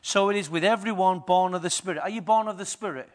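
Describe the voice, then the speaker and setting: A male pastor delivers a sermon in a high, fast voice, peppering the congregation with rhetorical questions. His volume swings back and forth between quiet and loud.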